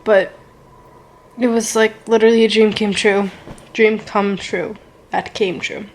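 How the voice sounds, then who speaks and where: A woman's voice: mid-range voice, steady tone, unhurried. A young woman telling a casual storytime vlog, gushing and rambling, with lots of "like" and "so good". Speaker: vlogger.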